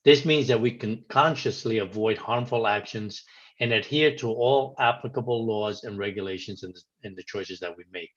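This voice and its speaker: A man, the medical director, giving a measured formal webinar address from prepared remarks. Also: on the low side, highs cut off.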